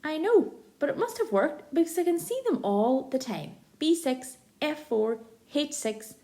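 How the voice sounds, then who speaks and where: A woman narrating an audiobook in the first person, with lively, expressive storytelling. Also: sits high, measured pace.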